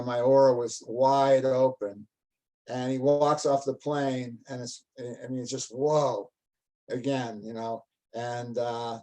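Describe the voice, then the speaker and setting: An older man, a guest, telling a story in an animated, casual way and laughing often. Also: medium pitch, low-quality recording.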